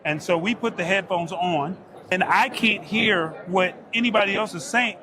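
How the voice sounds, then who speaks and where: A man's voice: high voice, moderate pace. A man hosting a tech show, enthusiastically interviewing an exhibitor on a busy trade show floor. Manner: enthusiastic, hyped-up. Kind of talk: casual on-the-floor product interview. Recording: loud crowd chatter behind.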